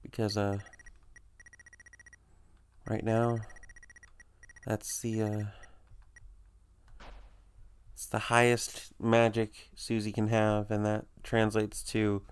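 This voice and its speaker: A man giving low-key, hesitant let's-play commentary, quiet and mumbled with fillers. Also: monotone, slow, pauses often, clean tone. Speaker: gamer.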